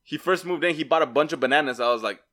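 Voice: mid-range voice, very fast, fairly bright tone. A young podcast co-host chatting casually, telling rambling stories with lots of filler words. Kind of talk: casual chat.

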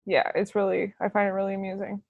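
A woman's voice: medium pitch, monotone, quick pace, no echo, phone-quality sound. A woman in casual podcast chat, easygoing and hesitant, with many ums.

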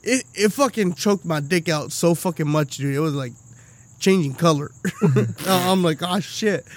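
A man's voice: on the high side, unhurried, very noisy. A man co-hosting a podcast in casual chat, telling stories full of swearing and laughter. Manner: profane, animated storytelling with lots of laughing. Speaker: podcast co-host.

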